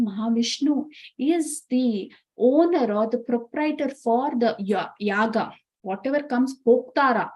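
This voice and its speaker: A woman tells devotional stories in a relaxed, conversational talk. Her voice sits high and carries a breathy, husky edge. She keeps checking in with her listeners as she goes. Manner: conversational, often asks "right?". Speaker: devotional speaker.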